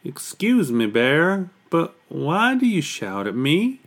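A man's voice: fairly high pitch, wildly swooping pitch, slow, pitched above the performer's own voice, full character voice. A man voicing a timid, polite male moose in a storybook, speaking in a raised, meek voice.

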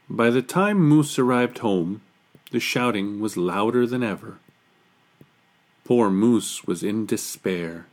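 A man reading a children's picture book aloud in an unhurried, expressive storytelling manner. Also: fairly low pitch.

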